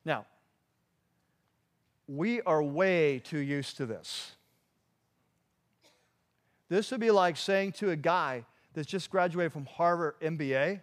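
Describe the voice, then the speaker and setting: A man's voice: on the high side, animated, slow pace, pauses often. A man preaching a sermon in a conversational way, with frequent restarts and asides to the congregation. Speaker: pastor.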